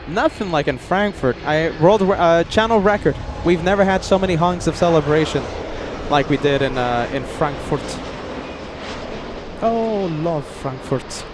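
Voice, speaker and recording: Outdoors near an airport, a man hosts a live plane spotting stream, chatting casually with viewers by name while sleepy and jet-lagged. His voice is fairly high at normal speed, with a noisy background.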